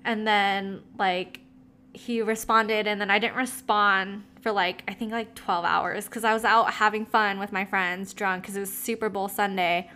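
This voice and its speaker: A woman's voice: medium pitch, steady tone, unhurried, bright, forceful tone, clear, resonant tone. A young woman in her twenties tells a story in casual chat, gossipy and full of fillers and swearing.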